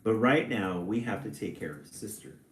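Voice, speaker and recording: A man's voice: on the low side, animated, moderate pace, close to an everyday voice. A man voicing a firm, caring mother bear in a storybook read-aloud. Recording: echoey room.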